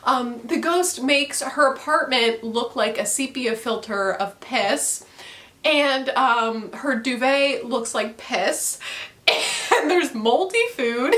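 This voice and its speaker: A woman's voice: on the high side, animated, slow, fairly bright tone. A young woman in a casual book review chat, ranting with frequent swearing and laughter. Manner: profane, ranting, laughs often.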